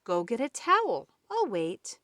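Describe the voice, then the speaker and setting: A woman's voice: a little high, wildly swooping pitch, a little slow, sharp tone, no echo, clean studio sound, pitched above the performer's own voice, full character voice. Pushy eager otter, voiced by a woman. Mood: coaxing. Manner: bossy, encouraging.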